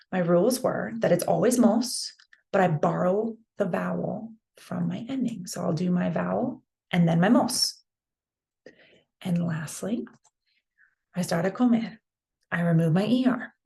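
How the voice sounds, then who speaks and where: A woman's voice: lowish voice, gravelly, a little mellow. A young adult woman teaching a beginner Spanish lesson, chatty and encouraging, talking through each step aloud. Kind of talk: online language lesson.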